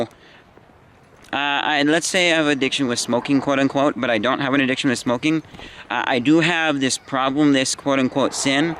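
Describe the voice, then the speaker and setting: A man in his twenties telling a personal story in a halting, meandering way, tired and full of restarts. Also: medium pitch, a bit bright, smooth. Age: 20s. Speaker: vlogger. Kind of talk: rambling personal vlog.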